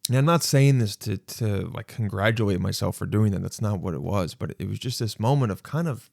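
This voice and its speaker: A man hosting his podcast, telling a story in an animated, self-mocking way and swearing freely. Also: on the low side, brisk, gravelly, no room sound, studio quality. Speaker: podcast host. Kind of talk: casual storytelling monologue.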